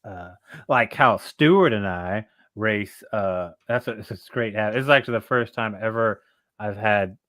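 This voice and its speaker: A man's voice: on the low side, measured pace, fairly bright tone. A man with a Southern US accent hosting a casual motorcycle livestream, rambling and laid-back, saying dude a lot. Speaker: motorcycle channel host.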